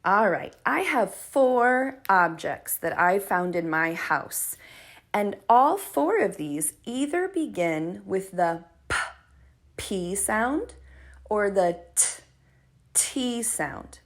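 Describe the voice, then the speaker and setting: A middle-aged woman teaching preschoolers from home, speaking slowly in an encouraging, sing-song manner. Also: medium pitch, lively intonation. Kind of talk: video lesson for young children.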